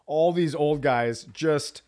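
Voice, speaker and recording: A man's voice: a little high, slow pace, darkish tone. A man co-hosting a comedy podcast, joking crudely and teasing his partner in casual chat. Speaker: podcast co-host.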